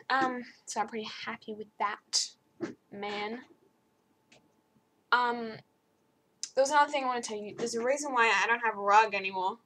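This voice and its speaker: A teenage girl chatting to camera from her bedroom, rambling and jumping high when excited. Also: moderate pace, long pauses, a little hiss or hum. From Australia. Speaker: vlogger. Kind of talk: casual chat to camera.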